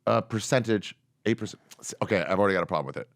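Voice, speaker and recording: Low-voiced man riffing, dry close mic. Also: racing, no room sound. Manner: lively pitch, deadpan riffs with sudden jumps up. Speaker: podcast guest, comedian. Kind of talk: casual comedic chat.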